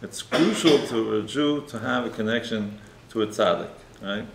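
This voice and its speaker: A man's voice: lowish voice, normal speed, vocal fry. Male rabbi preaching in an echoey room. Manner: conversational, frequent tag questions. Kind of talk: sermon with storytelling. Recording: roomy echo, faint noise.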